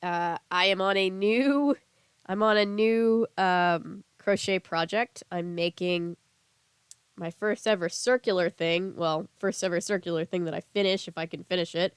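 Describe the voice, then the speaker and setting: Her voice sits on the low side with a measured pace and a clean tone, captured in a dry recording. She's a young streamer in casual conversation with her viewers, chatty and quick to laugh, reading chat aloud. A lingering cough hints that she's a little sick.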